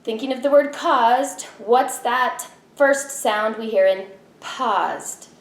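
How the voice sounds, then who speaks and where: A woman's voice: a little high, slow pace, roomy sound. A woman teacher in her thirties giving a spelling lesson from home, patiently sounding out each letter.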